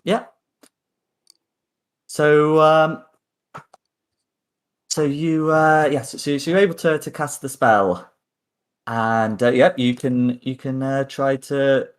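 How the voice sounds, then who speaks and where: A man's voice: medium pitch, steady tone, takes it slowly, pauses often. A man acting as game master, narrating hesitantly with many ums and repeated words. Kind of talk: running a tabletop game.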